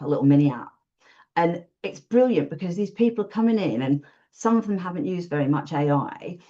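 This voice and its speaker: Relaxed and candid, a podcast guest who freelances in WordPress support chats about her work, quick to laugh and to put herself down. Her voice sits slightly low, and the audio has the dull, lo-fi quality of a remote call.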